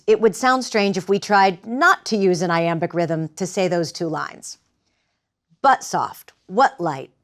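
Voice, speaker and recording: A woman acting teacher giving a lecture with demonstrations, speaking in a clear, measured way. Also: mid-range voice.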